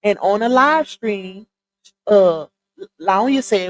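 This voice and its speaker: Over a rough recording, a woman with a mid-range voice speaks slowly while hosting a live stream. Her commentary is casual, chatty and emphatic, and she talks straight to her viewers.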